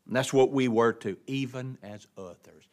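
A man's voice: mid-range voice, moderate pace, a little mellow. A man teaching an adult Bible class verse by verse, in a folksy, emphatic preaching manner that repeats words for stress.

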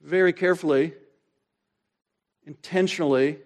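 A male pastor preaching a sermon, asking rhetorical questions and pausing for effect, slowing down to stress key phrases. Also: high voice. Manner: expository preaching, rhetorical questions, dramatic pauses.

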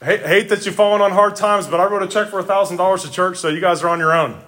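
A man voicing a grown son who breezily brushes off his struggling parents, a touch higher than his usual voice. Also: fairly even intonation, fast, a bit bright. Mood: dismissive.

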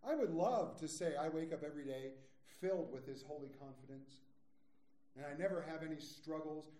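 A man in his forties preaching a sermon as pastor, telling a personal story in a conversational way with quick acted quotes. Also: on the high side, dark tone, roomy sound. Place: church sanctuary.

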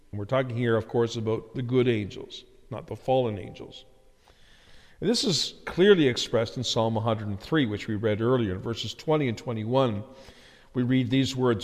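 Earnest preaching man in a reverberant hall. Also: mid-range voice. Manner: earnest preaching, rising emphasis on key phrases. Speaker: pastor. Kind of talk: sermon.

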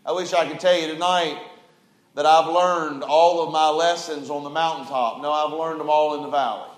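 A man's voice: fairly high pitch, fairly even intonation, moderate pace. A man preaching a sermon, telling folksy stories and building to fervent calls. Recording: roomy echoing hall.

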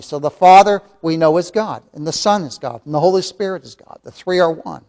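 Man, fervent Bible teacher with a slightly high voice; big swings from loud emphasis to near-whispers, repeats his points. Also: a little fast, few pauses. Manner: impassioned, swings from loud emphasis to hushed asides; calls listeners "beloved", repeats key phrases. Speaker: Sunday school teacher. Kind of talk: preaching a Bible lesson.

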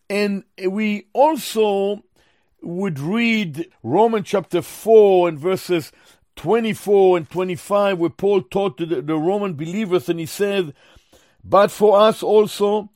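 Slow, emphatic high-pitched male preacher. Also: a little mellow, no room sound, clean studio sound. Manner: slow, emphatic Bible teaching, addresses listeners as beloved brothers and sisters. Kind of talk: sermon.

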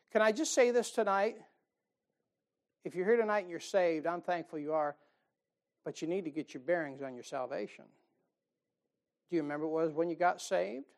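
A man preaching a sermon in a church, folksy and conversational, building to emphatic outbursts. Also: sits high. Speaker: pastor. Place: church sanctuary.

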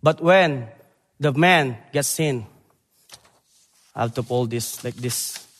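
A young man from the Philippines, preaching a sermon in halting English that moves between loud emphasis and quiet, earnest moments. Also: medium pitch, slight background noise. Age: young adult. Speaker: preacher, Bible college graduate. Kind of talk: church sermon and missions presentation. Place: church sanctuary. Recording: long church hall reverb.

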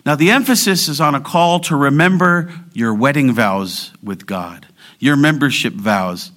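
A man preaching an expository sermon, driving home key words with emphatic rises and reading scripture slowly and deliberately. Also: mid-range voice, animated, fairly bright tone. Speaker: pastor.

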